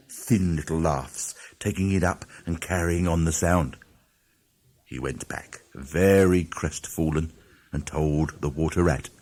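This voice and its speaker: A man narrating a children's classic as an audiobook, dramatic and animated. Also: low voice, husky. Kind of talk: storybook narration.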